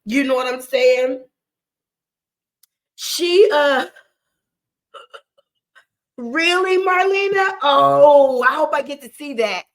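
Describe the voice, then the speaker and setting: Woman host, high voice, lively reaction commentary, laughs through lines, chats straight to viewers. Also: slow, pauses often, rough recording. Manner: animated, laughs often while talking; talks straight to her viewers and co-hosts by name. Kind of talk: casual live reaction commentary.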